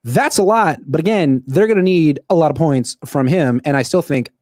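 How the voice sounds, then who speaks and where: A young man hosting a solo sports show, ranting in animated, quick bursts. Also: a little high, no room sound, clean studio sound. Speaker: sports podcast host. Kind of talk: solo livestream commentary.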